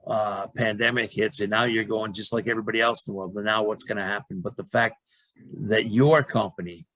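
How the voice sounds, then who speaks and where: A man's voice: fairly low pitch, fairly even intonation, a little fast, fairly bright tone, no echo, low-quality recording. A man hosting a casual interview, asking long, rambling questions full of restarts. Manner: rambling, with many fillers and restarts. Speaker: interviewer, host.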